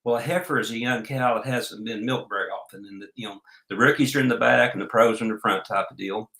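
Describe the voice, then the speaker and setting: A man spins an unhurried, folksy yarn as a podcast guest. His voice is bright and forceful. The room around him adds a noticeable echo. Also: medium pitch. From Oklahoma. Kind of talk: storytelling in a podcast interview.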